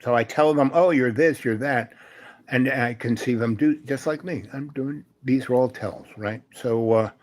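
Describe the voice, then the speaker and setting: A man hosting a live stream, telling a meandering personal story full of fillers and asides, sometimes dropping to a soft, hushed voice. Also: medium pitch, moderate pace, few pauses. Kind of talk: rambling storytelling monologue.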